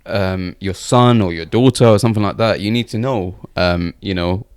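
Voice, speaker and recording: Low-voiced man steering the chat. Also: moderate pace, smooth, dry recording, studio quality. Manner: steers the topic, thinks aloud with repeats. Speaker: podcast co-host. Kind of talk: casual discussion.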